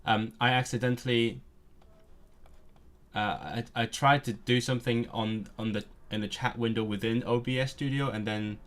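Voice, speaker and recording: A man's voice: mid-range voice, steady tone, normal speed, fairly bright tone. A man live-streaming his language study, thinking aloud and sounding out words, correcting himself as he goes. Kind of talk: casual live stream talk.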